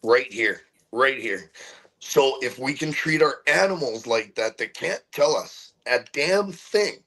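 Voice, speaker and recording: Middle aged guy in an interview, earnest, kinda halting, repeats himself a lot while he finds the words, normal pitch. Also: expressive, a bit bright, low-quality recording. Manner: earnest and heartfelt. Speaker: interview guest. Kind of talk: candid conversational interview.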